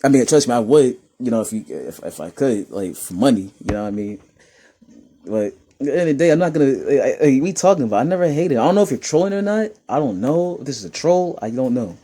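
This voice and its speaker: This young guy from New York has a medium-pitched voice and a quick pace. He laughs his way through reading comments, ridiculing them in loose, animated rants.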